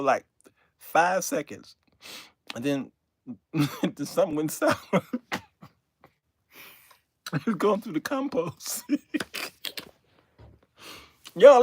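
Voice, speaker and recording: An older man hosting his own show, telling a comic story to his viewers in an animated way and laughing through his own punchlines. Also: on the high side, no echo, clean studio sound. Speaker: show host.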